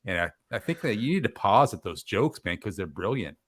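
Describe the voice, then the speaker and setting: A man with a lowish voice chats on a live panel with a relaxed, upbeat energy. He laughs often and keeps tossing in "man" while he talks. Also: a little fast. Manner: enthusiastic, laughs often, says "man" a lot. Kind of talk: casual chat.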